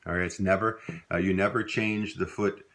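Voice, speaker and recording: Middle-aged Louisiana man, very low voice, relaxed teacher, rambling with fillers. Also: normal speed. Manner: relaxed, rambling, with many fillers and self-corrections. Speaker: language teacher. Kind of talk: casual spoken lesson.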